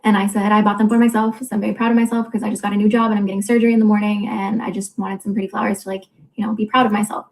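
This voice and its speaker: A woman in her twenties telling a personal story in a candid vlog, blunt and full of profanity, quickly acting out what others said. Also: mid-range voice, little pitch movement, darkish tone, poor audio. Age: 20s. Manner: quotes others in quick reported dialogue. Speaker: vlogger.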